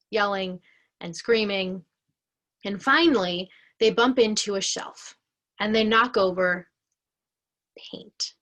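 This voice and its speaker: A woman educator giving an explanatory lesson in a slow, deliberate, clearly paced way. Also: medium pitch, a bit bright.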